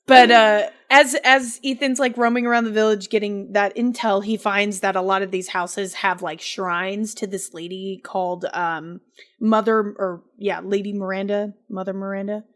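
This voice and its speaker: A woman's voice: mid-range voice, flat delivery, moderate pace, fairly bright tone. A woman co-hosting a podcast, loosely recapping a story in casual chat, giggling often and leaning on fillers. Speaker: podcast co-host.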